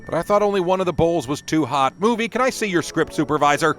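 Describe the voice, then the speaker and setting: A man riffing sarcastically over a children's film, with deadpan wisecracks and mock voices. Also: fairly high pitch, fast talker. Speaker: comedic riffer dubbing over a film. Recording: over background music.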